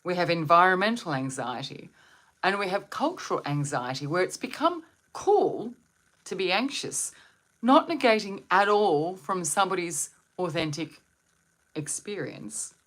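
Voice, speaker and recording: A meditation and wellbeing host talks to viewers on a live stream, soothing and reflective, asking them questions. Her voice is lowish, fairly bright, and expressive, and she speaks a little slowly.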